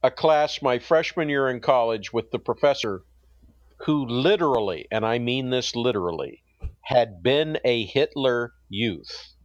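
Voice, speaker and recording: A man's voice: mid-range voice, lively intonation, a little slow, no echo, muffled recording. A man co-hosting a podcast in playful, ironic banter who laughs easily. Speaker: podcast co-host.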